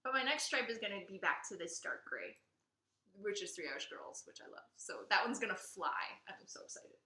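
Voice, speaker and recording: A woman co-hosting a casual podcast chat, gushing and excitable, laughing often. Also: mid-range voice, a little fast. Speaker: podcast co-host. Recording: echoey room.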